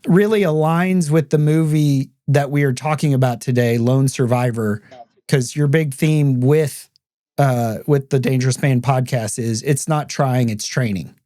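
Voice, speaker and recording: A man's voice: mid-range voice, a little slow, mellow, no echo, studio quality. A man hosting a podcast, chatting casually and laughing easily, with plenty of fillers. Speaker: podcast host.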